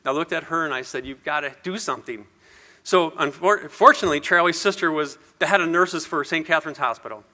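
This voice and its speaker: Man, middle-aged, motivational speaker, earnest storytelling, rhetorical questions, bright ringing tone, somewhat high voice. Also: fast, few pauses. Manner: earnest, rhetorical questions, repeats words when emotional. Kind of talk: personal story speech to an audience.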